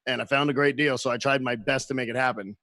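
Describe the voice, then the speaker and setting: A man telling a story in casual chat as a guest musician, animated, swearing freely and laughing often. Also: mid-range voice, fast talker, no room sound.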